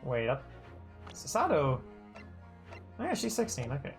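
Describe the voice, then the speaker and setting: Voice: medium pitch, huge pitch swings, measured pace, gravelly, pauses often, faint music behind. A streamer chatting casually while playing a game, rambling and correcting themself. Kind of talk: casual let's-play commentary.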